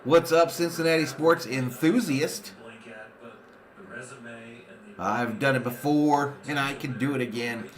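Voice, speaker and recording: A man hosting a live fan watch party, calling pitches with excitement and reading viewer comments aloud between plays. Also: slow pace, long pauses. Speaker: sports fan streamer and watch-party host.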